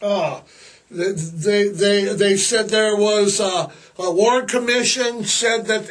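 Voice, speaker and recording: A man in his sixties hosting a podcast, talking in a rambling, jokey way with heavy sarcasm and drawn-out emphasis. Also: high-pitched, a bit bright, recorded from a distance. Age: 60s. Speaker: podcast host. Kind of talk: rambling casual monologue.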